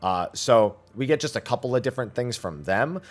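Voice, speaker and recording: Blunt streamer man, slightly raspy voice. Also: medium pitch, expressive, fairly quick. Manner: reads chat questions aloud, then answers bluntly and at length. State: slightly raspy after eating. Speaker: streamer answering viewer questions. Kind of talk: casual livestream Q&A.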